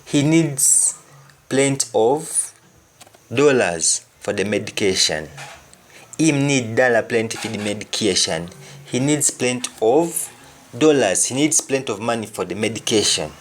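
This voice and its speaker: Jamaican man, unhurried language teacher who repeats each phrase, then explains it. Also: mid-range voice, expressive. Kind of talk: language lesson.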